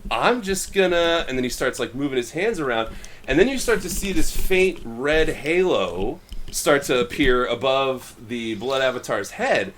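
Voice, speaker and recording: A man co-hosting a podcast, casually retelling a story and acting out the characters' lines in quick little voices. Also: medium pitch, expressive, fairly bright tone, a little hiss or hum. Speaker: podcast co-host.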